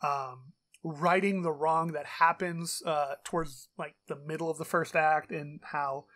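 A man co-hosting a podcast in casual chat, rambling and animated, with lots of fillers and swearing. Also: on the high side, measured pace. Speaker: podcast co-host.

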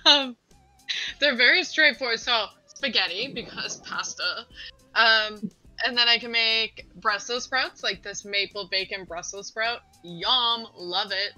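Bright, bubbly woman gamer. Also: a little high, a little slow, faint music behind, poor audio. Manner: bubbly, excitable, laughs a lot. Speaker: guest player. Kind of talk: casual chat while gaming.

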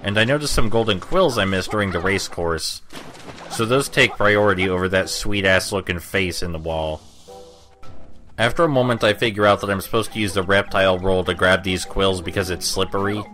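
Young male let's-play narrator, low voice, dry sarcastic rambling, soft game music underneath. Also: fairly quick. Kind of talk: gameplay commentary.

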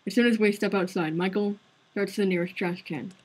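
A woman's voice: mid-range voice, fairly even intonation, brisk, a little mellow, husky, low-quality recording. A woman streaming a visual novel, narrating its story aloud in an earnest, conversational way. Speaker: game streamer.

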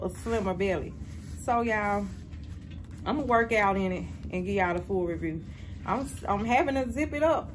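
A woman's voice: medium pitch, background noise. A woman chatting casually to her viewers in a home vlog, reviewing a product and calling her audience "y'all". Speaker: vlogger. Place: at home indoors.

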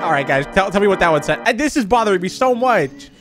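Young male let's-play host, high excitable voice, faint game music behind. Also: fast. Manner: excitable, says dude a lot, talks to viewers. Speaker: gaming channel host.

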